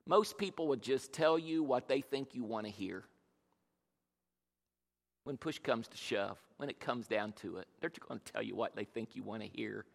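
A man's voice: medium pitch, normal speed, gravelly. A man preaching a humorous sermon as pastor, telling jokey self-deprecating stories. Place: church. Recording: long reverb of a large church hall.

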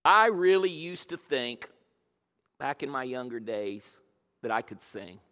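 A man's voice: medium pitch, lively intonation, measured pace, bright, forceful tone. A man preaching a humorous sermon as pastor, telling jokey self-deprecating stories. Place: church. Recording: long reverb of a large church hall.

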